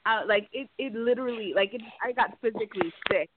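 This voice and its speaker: Halting woman co-host, tinny sound. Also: fairly high pitch, slight background noise. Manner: halting, filler-heavy storytelling. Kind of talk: casual chat.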